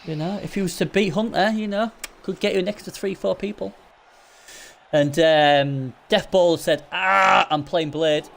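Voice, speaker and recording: A man's voice: high-pitched, measured pace, vocal fry, fairly bright tone. A man with a Hull accent commentating casually on a match, chatty, rambling and teasing. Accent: Hull, Yorkshire. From England.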